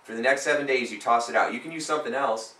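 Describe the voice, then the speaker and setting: A man's voice: medium pitch, quick pace, sharp tone. A man working as a hypnotist, coaching a client live and pressing points home by repeating phrases with rising force. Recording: roomy sound from a distant mic.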